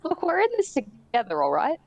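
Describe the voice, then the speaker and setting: A woman's voice: high-pitched, huge pitch swings, brisk, creaky, a little mellow, heavily acted. A woman voicing an eager teenage girl who loves science in a live fan dub of a game, perky and curious.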